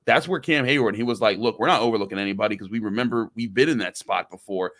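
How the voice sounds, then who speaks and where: A man's voice: on the low side, fast talker, a bit bright, no room sound, clean studio sound. A man hosting a sports podcast, talking conversationally with frequent stammered restarts. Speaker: podcast host. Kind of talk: casual sports podcast chat.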